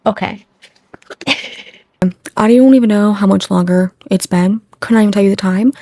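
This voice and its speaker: A young woman vlogging casually at home into her phone, chatty and excitable as she talks to her viewers. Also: medium pitch, vocal fry, no echo. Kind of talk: casual vlog chat.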